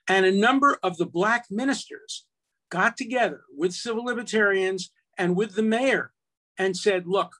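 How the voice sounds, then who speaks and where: Older guy arguing hard, fairly high voice, keeps restarting his sentences. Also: fairly bright tone. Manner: argumentative, emphatic, frequent restarts. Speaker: guest, attorney and law professor. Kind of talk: casual conversation.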